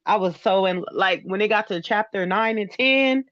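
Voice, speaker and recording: A woman's voice: mid-range voice, moderate pace, fairly bright tone, highs cut off. A woman book club member asking the author questions with an enthusiastic, giggly manner. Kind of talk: casual book club discussion.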